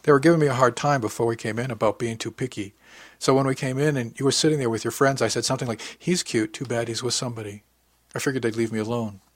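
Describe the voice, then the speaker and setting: A man's voice: mid-range voice, steady tone, fast talker, dry recording, lightly acted. A man putting on a bold, teasing young woman. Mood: explaining.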